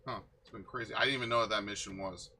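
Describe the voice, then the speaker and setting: A man's voice: on the low side, steady tone, very fast, pushed and bright, slight background noise. A man streaming a game, ranting with exasperation and lots of swearing. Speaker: gaming streamer.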